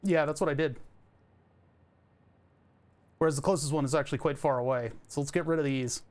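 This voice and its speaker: Streaming a building game, a man chats casually with viewers, rambling and poking fun at himself with jokey asides to chat. His voice is fairly high, brisk, and a little mellow.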